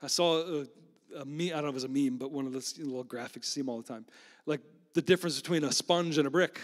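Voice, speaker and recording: A man's voice: fairly high pitch, fast. A man preaching a sermon in a loose, conversational way, often repeating words and restarting. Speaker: pastor. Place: church sanctuary. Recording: long hall reverb.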